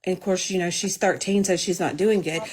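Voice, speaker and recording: A woman's voice: on the low side, fairly even intonation, fairly quick, a crowd in the background. A middle-aged woman chatting on a phone live stream, telling stories and talking to her viewers as y'all. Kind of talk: casual live-stream chat.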